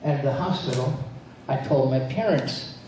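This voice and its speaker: In a spiritual center hall, a male pastor delivers his sermon as a conversational story, often restarting and acting out quotes. His voice is mid-range and mellow at a normal speed. The hall sounds roomy, with faint noise.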